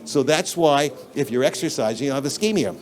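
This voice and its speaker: A man's voice: medium pitch, lively intonation, a little fast. A man giving a conference lecture in a lecture hall, talking in an emphatic, blunt and conversational way, addressing the audience directly.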